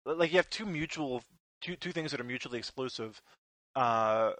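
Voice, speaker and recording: A man hosting a casual podcast chat, speaking bluntly with halting, deliberate phrasing. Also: medium pitch, a bit bright, no echo.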